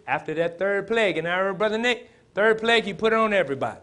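A man preaching a sermon in plain, folksy speech, building to shouted emphasis and calling on the congregation to respond. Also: high-pitched, animated, rapid-fire. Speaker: pastor.

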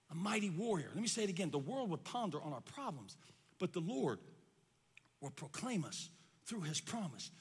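A man preaching a sermon in a church, acting out voices and dropping to a hush for effect. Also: sits high, creaky, slightly rough, big-room sound. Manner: animated preaching, acts out voices, rises and drops to a hush. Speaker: pastor. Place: church sanctuary.

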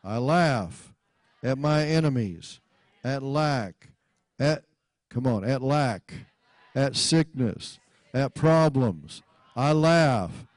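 A man's voice: mid-range voice, expressive, extremely slow, a little mellow, dry recording. A man preaching a sermon, often breaking into laughter and calling on the congregation to repeat after him, stumbling and restarting as he reads verses. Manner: repeats and restarts words while reading scripture.

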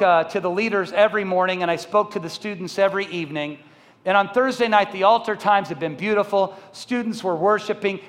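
A man in his forties preaches from the pulpit and tells a story in an earnest way, sinking soft and low when it turns emotional. His voice sits high for a man. The sound carries a long reverb from a large hall. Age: 40s. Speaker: pastor. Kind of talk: sermon storytelling.

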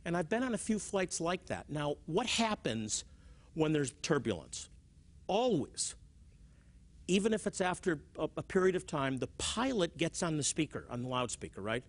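Man, Bible teacher, TV teaching, high voice, very lively pitch, animated storytelling. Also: moderate pace. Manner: animated, repeats words, acts out examples. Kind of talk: televised teaching with stories.

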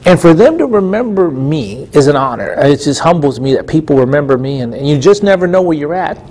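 A middle-aged Christian TV host preaches fairly quickly in a fairly high, darkish voice with lively intonation. His conversational sermon teaching is earnest, with phrases repeated and frequent restarts.

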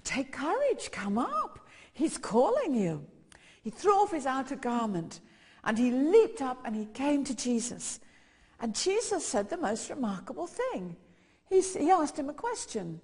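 A woman preaching a sermon, her voice fairly high and breathy. She tells a story and acts out its voices with mounting force. A long hall echo trails her words. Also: very animated, moderate pace, dark tone.

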